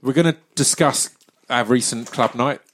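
A man hosting a loose podcast chat, with a voice sitting in an ordinary middle pitch. He rambles, stops himself often and piles up ums and restarts. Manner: rambling, halting with many fillers and restarts. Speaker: podcast host. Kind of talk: casual podcast banter.

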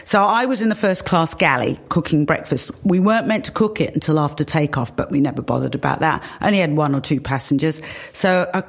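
A woman with a slightly low voice tells a story in a relaxed conversation. She talks in a lively way, often laughing as she goes. She speaks like a guest swapping anecdotes with a host. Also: fairly quick, few pauses. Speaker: guest, former cabin crew. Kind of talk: casual storytelling chat.

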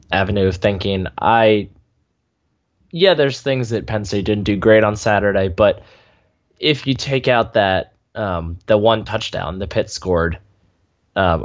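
A man co-hosting a sports podcast, talking casually with dry, deadpan humor. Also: on the low side. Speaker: podcast co-host. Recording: slightly dull lo-fi sound.

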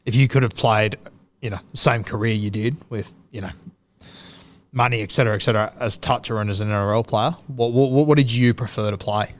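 A man's voice: on the low side, fairly even intonation, fairly quick. A man with an Australian accent hosting a podcast and asking casual questions in a friendly way. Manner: matey, prompting questions with fillers. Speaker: podcast host. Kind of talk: casual interview.

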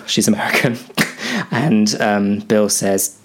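A man's voice: on the low side, fairly even intonation, a little slow. A man improvising a space story aloud, rambling and self-mocking. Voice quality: self-mocking, full of ums and restarts.

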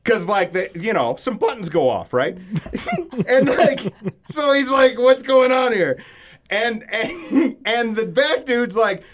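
A man co-hosting a podcast, telling a long story in casual chat, profane and animated, dropping from loud bursts to low mumbles. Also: takes it slowly, background noise. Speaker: podcast co-host.

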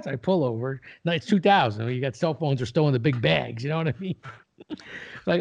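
A man's voice: mid-range voice, fast talker, creaky. Older man telling stories, slightly dull recording. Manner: animated storyteller, acts out quoted dialogue. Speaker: podcast guest, business leader. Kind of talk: casual interview storytelling.

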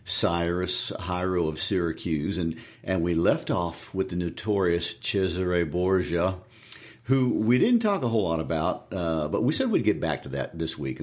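Very deep-voiced male podcast co-host. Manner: thoughtful, hesitant, frequent "uh" fillers. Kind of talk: conversational literary discussion.

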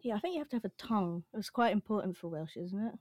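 A woman's voice: medium pitch, lively intonation, fast, darkish tone. A woman with an English accent chatting and musing aloud in a casual podcast conversation. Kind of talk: casual chat.

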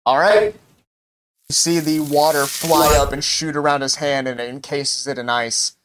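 A man's voice: fairly high pitch, steady tone, moderate pace, a bit bright, slight background noise, low-quality recording. Man narrating as game master.

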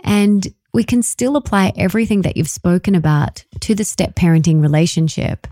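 A young woman hosting a podcast, telling a personal story in an expressive way. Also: fairly low pitch, moderate pace, dry recording, studio quality. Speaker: podcast host. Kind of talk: podcast interview conversation.

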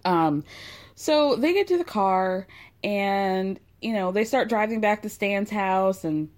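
A woman recapping a story in casual chat, animated and gossipy, laughing often. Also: mid-range voice, slow pace.

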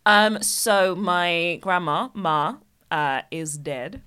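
A woman's voice: lowish voice, drawn-out words, sharp tone, clear, resonant tone. A woman comedian telling stories in casual podcast chat, laughing often. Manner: playful storytelling, laughs often. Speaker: guest comedian.

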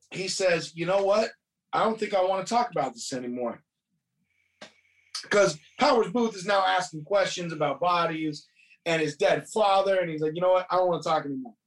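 High-voiced guy cussing his way through a movie recap, mic kinda far off. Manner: profane, rambling storytelling with quoted voices. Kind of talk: casual movie recap chat.

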